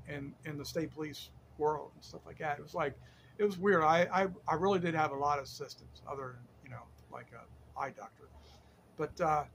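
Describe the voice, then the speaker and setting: A middle-aged man from Delaware tells a story casually, in a high voice, wandering off track with fillers and restarts. Faint ambience hums behind him. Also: a little hiss or hum. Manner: rambling, many fillers and self-corrections. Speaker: storyteller host.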